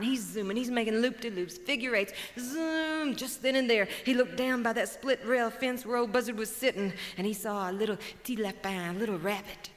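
A Cajun woman from Louisiana, storytelling and emceeing live on stage in a lively, folksy way, with a Cajun accent. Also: fairly high pitch. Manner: lively, folksy, warmly engaging the audience. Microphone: stage microphone. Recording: long hall reverb from a live stage.

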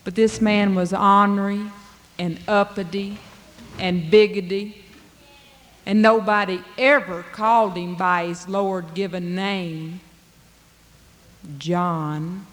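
A woman's voice: mid-range voice, fairly even intonation, slow, long pauses. A woman telling a folk tale in a drawling, dialect-rich way. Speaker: storyteller. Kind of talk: folk storytelling performance. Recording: long hall reverb.

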